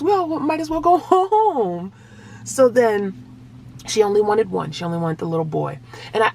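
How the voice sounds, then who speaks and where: Mom vlogger telling a storytime, low husky voice with some gravel, animated. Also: female voice. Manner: animated, acts out voices, laughs through the telling. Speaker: vlogger, adoptive single mother. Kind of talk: casual storytelling.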